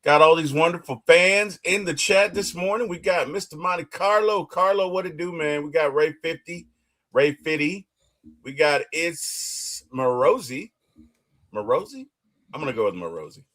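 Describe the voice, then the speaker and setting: A man co-hosting a casual live fan podcast, lively and greeting viewers by name. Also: on the high side, unhurried. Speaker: podcast co-host. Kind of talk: casual live-stream chat.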